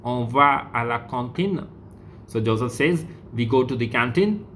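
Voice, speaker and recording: A man's voice: mid-range voice, expressive, fairly bright tone, slight background noise. Indian man teaching French, patient and repetitive. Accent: Indian English. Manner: explains slowly, repeats words, many okays. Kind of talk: classroom lesson.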